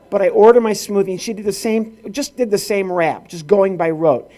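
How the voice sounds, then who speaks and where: High-voiced man doing stand-up comedy. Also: normal speed, few pauses, dark tone. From rural Illinois, US Midwest. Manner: storytelling with acted-out dialogue. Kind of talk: stand-up comedy at a corporate event.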